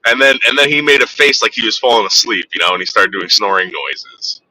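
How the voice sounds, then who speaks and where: A man's voice: on the low side, animated, fairly quick, bright, forceful tone, rough recording. A man hosting a casual livestream, chatting with his viewers and teasing them in a rambling way. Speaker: livestream host.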